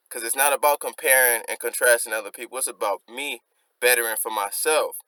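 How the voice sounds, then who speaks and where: A man's voice: medium pitch, brisk, bright, forceful tone, dry recording, rough recording. A man hosting a music reaction, reflectively explaining song lyrics line by line in casual slang.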